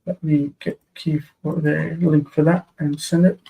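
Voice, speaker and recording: A tired man teaching a live-streamed classical Hebrew grammar lesson, explaining patiently and slowly. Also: a little high, level tone, vocal fry, phone-quality sound.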